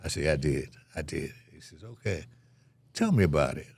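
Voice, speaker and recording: A man's voice: rumbling low, expressive, moderate pace, vocal fry, a little mellow, husky. An older man telling a story as an interview guest, acting out the voices of the people in it.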